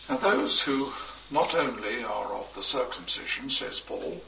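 A man preaching a sermon, slow and emphatic, with measured pauses between phrases. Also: mid-range voice, expressive, gravelly, sharp tone, a little hiss or hum. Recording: echoey, distant, dull recording.

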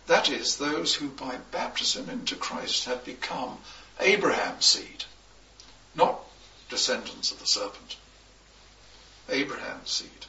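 Slow gravelly preacher in echoey room. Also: male voice, medium pitch, big pitch swings, sharp tone, slight background noise. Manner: slow, emphatic, measured delivery with pauses between phrases. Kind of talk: sermon. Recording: echoey, distant, dull recording.

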